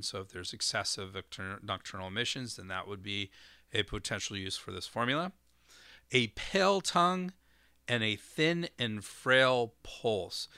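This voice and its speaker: Male podcast host, bright and dry-sounding, explanatory and a bit rambling. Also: medium pitch, clean tone, dry recording. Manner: explanatory, with fillers and spelled-out terms. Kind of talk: solo educational podcast.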